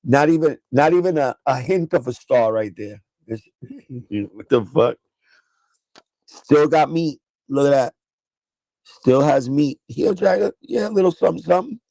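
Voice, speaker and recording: A gravelly-voiced man with a New York accent chats on a casual sneaker livestream. He talks in a loose, excitable, profane way, full of banter. The sound is dry and close, with no room echo. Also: on the high side, unhurried.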